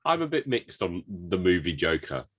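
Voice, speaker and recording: A man's voice: sits low, big pitch swings, normal speed, fairly bright tone, breathy edge, no room sound. A young man from England, co-hosting a podcast in joking, self-deprecating chat while ill with covid. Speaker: podcast co-host. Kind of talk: casual chat.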